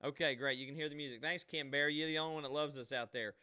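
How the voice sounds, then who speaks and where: Talking fast in a steady, sharp, clear, and resonant voice that runs a little high, this man hosts a solo live online show. His livestream chat is casual and folksy, aimed straight at his viewers.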